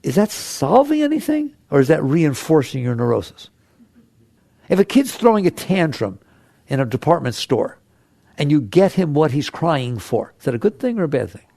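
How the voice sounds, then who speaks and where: Male spiritual teacher, gravelly voice, dry close sound, chatty, full of rhetorical questions. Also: a little high, sing-song, moderate pace, dark tone, no room sound. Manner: conversational, rhetorical questions, acts out inner voices. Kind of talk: spiritual talk to an audience.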